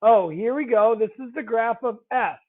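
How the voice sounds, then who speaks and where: A man's voice: very high-pitched, normal speed. A man teaching a math lesson, talking conversationally, repeating key phrases and checking in with the class. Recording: tinny phone-like audio.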